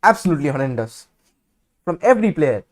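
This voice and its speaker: Guy with a pretty high voice doing watch-along commentary, outspoken, gets fired up. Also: quick pace. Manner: excitable, blunt and outspoken. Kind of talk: live match commentary.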